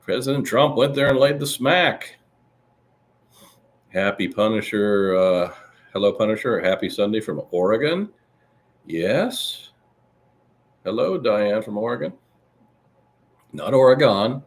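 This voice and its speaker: A man's voice: lowish voice, measured pace, long pauses. A man hosting a casual live podcast, joking around and reading viewer comments aloud. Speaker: podcast host. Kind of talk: casual livestream chat.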